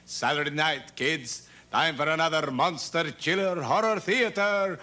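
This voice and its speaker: An actor playing a hammy male horror-movie TV host with slow spooky announcing. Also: on the high side, noisy background, natural voice.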